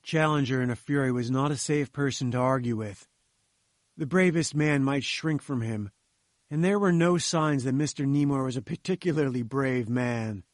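A man's voice: medium pitch, normal speed, no room sound, clean studio sound. Man narrating an audiobook.

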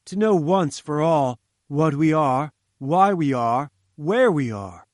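Imperious old professor, commanding and scornful, raised pitch, man voicing. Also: lively intonation, slow, dry recording, clean studio sound. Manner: haughty and commanding. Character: domineering older male scientist, imperious.

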